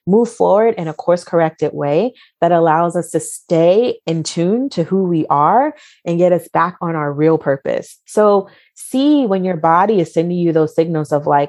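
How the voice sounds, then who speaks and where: A woman's voice: on the low side, darkish tone, dry recording, studio quality. A woman giving motivational advice as a podcast guest, emphatic and fond of repeating key words. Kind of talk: podcast interview answers.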